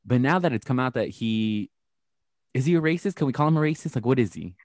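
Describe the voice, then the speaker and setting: A man's voice: mid-range voice, lively intonation, fast talker, darkish tone, no echo, studio quality. A man co-hosting a podcast, chatting casually and bluntly with lots of swearing and rambling fillers. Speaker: podcast co-host. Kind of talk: casual chat.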